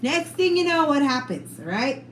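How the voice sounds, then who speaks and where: A woman's voice: high-pitched, big pitch swings, normal speed, a bit bright. A woman telling stories in casual chat, acting out the voices of the people in them and swearing freely. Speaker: storyteller on a podcast. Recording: roomy room with background noise.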